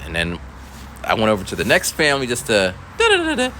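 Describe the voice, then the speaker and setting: A male teacher rambles through a story in a loose, casual monologue, restarting sentences and slipping into voices. His tone is bright and edgy with lively, wide pitch swings. Faint traffic murmurs in the background. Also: quick pace. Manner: rambling, animated, with many restarts and voiced quotes. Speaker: school teacher.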